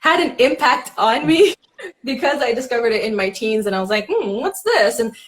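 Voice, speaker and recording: A woman with a high, bright-pitched voice talks fast and chatty as the host of a casual conversation. She rambles through her stories and laughs often. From Canada. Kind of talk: casual chat.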